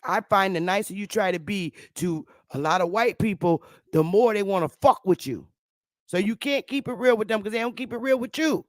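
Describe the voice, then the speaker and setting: A woman's voice: medium pitch, normal speed, dry recording, clean studio sound. A woman talking straight to the camera in a casual monologue, blunt, heavy on profanity and emphatic. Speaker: online commentator.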